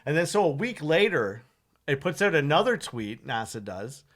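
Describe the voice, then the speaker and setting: A man who hosts a morning radio show tells a story in loose, casual chat. His voice sits a little high, and he gets animated, laughing often and acting out both sides of an argument. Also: normal speed. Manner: animated, laughs often, acts out quoted lines.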